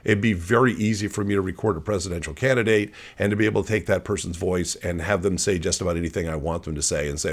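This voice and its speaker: Low-voiced earnest man on tech. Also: fast talker, few pauses. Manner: earnest, thoughtful, with restarts and stumbles. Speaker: tech video host. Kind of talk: casual explainer talk to camera.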